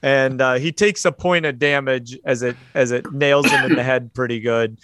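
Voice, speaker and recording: A man's voice: medium pitch, moderate pace, no room sound. A man running a tabletop horror game as its keeper, narrating loosely with fillers. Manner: relaxed, rambling narration with fillers. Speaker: game master.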